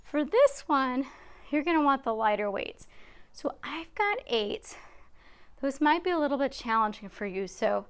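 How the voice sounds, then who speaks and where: High-pitched and very animated yet a little slow, a female instructor guides beginners through a workout. She's encouraging, a bit winded, and counts each rep out loud while exercising.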